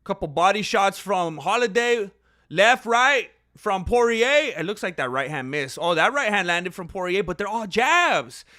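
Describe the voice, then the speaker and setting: A man's voice: high-pitched, a little slow. A young man giving casual live reaction commentary on a fight, opinionated and talking straight to his viewers. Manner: opinionated, talks to viewers, gets loud when excited. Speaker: fight watch-along commentator.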